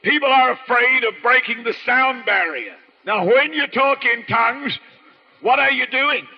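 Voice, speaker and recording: A man preaches a sermon in an emphatic, repeating cadence. His voice sits very high for a man. The recording is muffled and rings with the long echo of a large hall. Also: lively intonation, a little slow, slightly rough.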